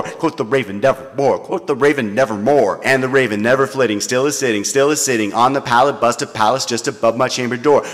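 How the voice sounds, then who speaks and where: A man's voice: medium pitch, fairly bright tone. Man reciting a poem in rhythmic chant. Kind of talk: dramatic poetry recitation. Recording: long hall reverb.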